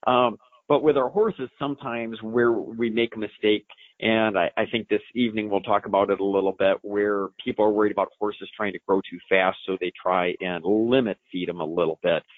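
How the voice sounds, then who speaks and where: A man's voice: fairly low pitch, steady tone, moderate pace, no room sound. A man in his forties, an expert answering a listener's question on a live show, talking in a folksy, explanatory way with plenty of fillers. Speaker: equine science expert. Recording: dry, phone-like line.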